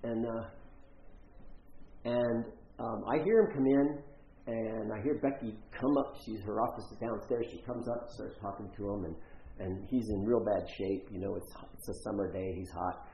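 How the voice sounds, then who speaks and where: A pastor tells a story in his sermon and acts out the voices of the people in it. He speaks at a moderate pace in a voice on the low side. The church recording is roomy and slightly dull.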